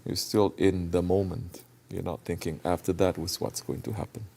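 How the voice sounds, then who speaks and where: Low gravelly man giving a Sufi talk. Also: flat delivery, moderate pace, darkish tone, slight background noise. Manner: conversational, asks listeners questions, searches for words. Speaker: Sufi teacher. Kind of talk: sermon.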